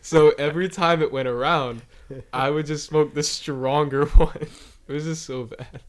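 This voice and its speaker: A young man, a podcast guest, chatting in a laid-back, halting way. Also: on the high side, fairly even intonation. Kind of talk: casual chat.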